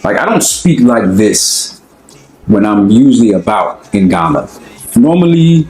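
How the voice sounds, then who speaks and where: A young African American man talks in a relaxed, conversational way, full of slang and asides. His voice sits low. The room around him rings with echo. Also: a little slow. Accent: African American English. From United States. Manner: relaxed, conversational, slangy, often asks "you know what I'm saying". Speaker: interviewee. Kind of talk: casual personal talk.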